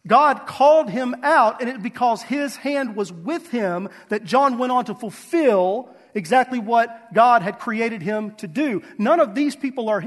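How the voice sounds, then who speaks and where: A man's voice: extremely high pitch, big-room sound. A man, a pastor, preaching a sermon with earnest rhetorical questions.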